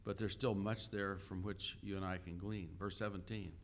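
Male pastor, lower voice, unhurried conversational sermon with many pauses. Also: little pitch movement, slight background noise. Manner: unhurried teaching with frequent "uh" pauses; conversational, asks the listeners questions.

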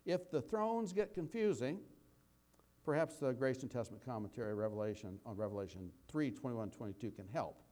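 A man giving a conversational Bible teaching, rambling with restarts and slowing down to read scripture aloud. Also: medium pitch, lively intonation, mellow. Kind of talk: sermon.

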